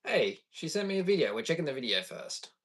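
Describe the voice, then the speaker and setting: A man's voice: on the high side, sing-song, fast, a bit bright, recorded from a distance. A man chatting casually on a live stream, reacting to chat and laughing easily. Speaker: livestreamer.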